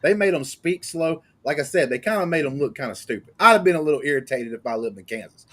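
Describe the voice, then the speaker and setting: A man with a Southern US accent, co-hosting a casual movie review podcast and arguing his points quickly and with energy. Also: a little high. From Southern United States. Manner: fast, animated, argumentative. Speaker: podcast co-host.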